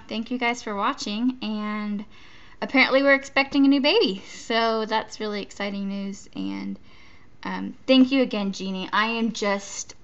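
A woman's voice: fairly high pitch, fairly bright tone, muffled recording. A woman chatting casually while opening a gift box, gushing and stammering between giggles. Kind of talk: casual unboxing chat. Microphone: off-camera, not shown.

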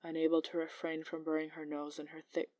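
A woman's voice: deep voice, completely flat delivery, fairly quick, darkish tone, no echo. A woman reading narration for a fan dub, giggly and stumbling over words. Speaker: voice actor.

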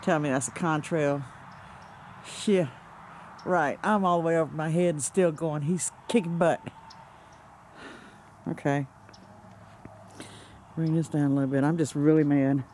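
Slow, agitated man filming the sky. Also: on the high side, steady tone, a little mellow, slight background noise. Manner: agitated, exasperated, swearing. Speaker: amateur video maker. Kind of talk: handheld filming commentary. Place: outdoors under open sky. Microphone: handheld camera mic.

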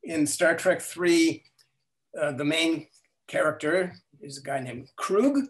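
An older man telling stories as an interview guest. He talks in an animated way, acts out the quotes and often restarts his sentences. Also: on the high side, slow. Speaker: guest, language inventor. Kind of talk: storytelling interview.

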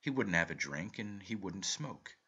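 In what sounds like audiobook narration, a deep-voiced reader gives a measured, expressive first-person reading of a short story, his pitch ranging widely. His voice is husky with a bright edge, and the audio is dull.

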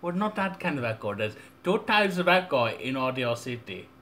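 A young man rambling through a deadpan, mock-serious audio software tutorial with absurd asides. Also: medium pitch, normal speed. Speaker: tutorial maker.

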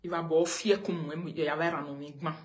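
A woman's voice: low-pitched, steady tone, a little fast. Scolding Nigerian woman on a rant. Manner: scolding, repeats pointed questions. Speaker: live video blogger. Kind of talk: confrontational live rant.

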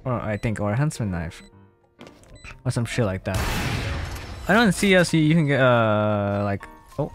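A man streaming a shooter game, chatting casually and excitably, swearing and joking about his own play, close on his mic. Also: mid-range voice, moderate pace, pauses often, over music. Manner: casual, profane, excitable, self-deprecating. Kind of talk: live gameplay commentary. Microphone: close desk mic with popping plosives.

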